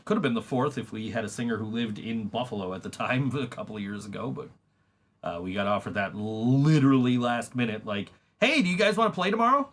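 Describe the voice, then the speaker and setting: A man's voice: fairly low pitch, brisk. A man hosting a casual podcast, laughing often and swearing freely, with many restarts as he talks about his band. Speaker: podcast host and band member. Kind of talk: casual chat.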